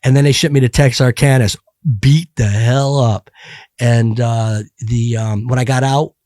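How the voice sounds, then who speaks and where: A man's voice: mid-range voice, fairly even intonation, a little slow, darkish tone, dry recording, studio quality. Blunt, rambling middle-aged man. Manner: rambling, blunt and profane, many restarts. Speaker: podcast guest. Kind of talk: casual podcast conversation.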